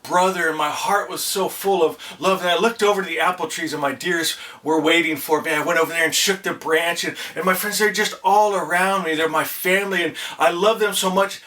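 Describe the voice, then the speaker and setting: A man's voice: sits high, fairly quick, few pauses, pushed and bright. A man hosting a spiritual channel, speaking to his viewers in an effusive, heartfelt way, repeating "my friends" and often stammering and restarting. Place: indoors at home. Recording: voice a bit distant from the mic.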